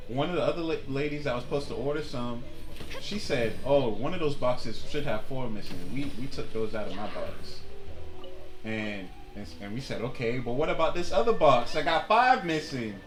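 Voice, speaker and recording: A young man streaming a game and telling a long animated story in casual slang, acting out the people in it. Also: medium pitch, normal speed, roomy sound, over music. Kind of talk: casual storytelling while gaming.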